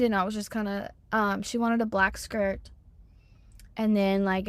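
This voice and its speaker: A seventeen-year-old woman with a Texan accent, telling a story in a casual chat, full of "like" fillers. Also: medium pitch. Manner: chatty, many "like" fillers, acts out quotes. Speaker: guest, store employee.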